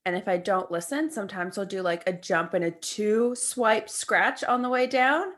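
A young adult woman co-hosts a podcast, casually chatting and telling stories as an animated narrator who laughs often and swears freely. Her voice is medium-pitched at a normal speed.

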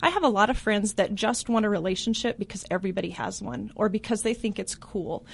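A woman's voice: mid-range voice, fairly quick, vocal fry, slightly rough. A woman guest on a talk show who explains her parenting advice in an earnest, affirming way.

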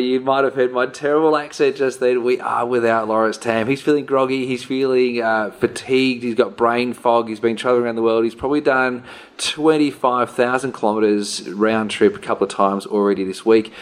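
A man's voice: medium pitch, fairly even intonation, a little fast. A man co-hosting a podcast, joking around and rambling with plenty of fillers. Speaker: podcast co-host. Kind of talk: casual podcast banter.

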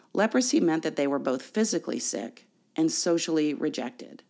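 A pastor preaching a sermon, measured and steady, asking the congregation rhetorical questions. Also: medium pitch, creaky.

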